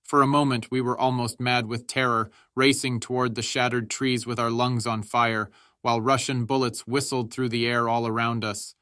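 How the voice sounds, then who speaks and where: Bright-voiced male audiobook narrator, dry close mic. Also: level tone, moderate pace, few pauses, no room sound. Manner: shouts quoted soldiers' lines with raised pitch.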